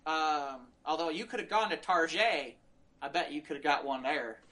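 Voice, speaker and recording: A man co-hosting a podcast, chatting casually and rambling with animated jokes while reading out news stories. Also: on the high side. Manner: animated, rambling, quick to joke. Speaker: podcast co-host. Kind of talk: casual chat.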